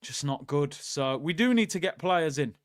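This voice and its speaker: A man hosts a live football watchalong in a fairly high, expressive voice at a moderate pace, reading out chat and speaking directly to viewers. He's casual, conversational, and bluntly opinionated, and the recording is dry and studio quality.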